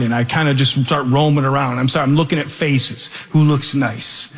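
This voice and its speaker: A man's voice: mid-range voice, moderate pace, hardly any pauses, soft background music. Man telling a story in a reverberant hall. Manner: lively, animated, acts out every voice. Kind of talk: personal storytelling to an audience.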